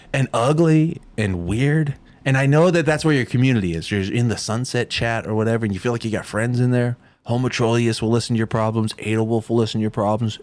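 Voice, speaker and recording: A man's voice: mid-range voice, a little mellow. Mocking, sarcastic young man on a livestream. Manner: mocking, sarcastic, swears a lot, mimics others in sneering voices. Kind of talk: ranting livestream commentary.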